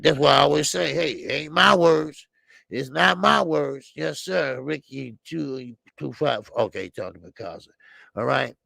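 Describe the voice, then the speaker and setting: Man, call-in show host, very gravelly voice, dry close sound, rambling chatty delivery. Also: medium pitch, no room sound. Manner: animated, rambling, many filler restarts. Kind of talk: casual call-in show chat.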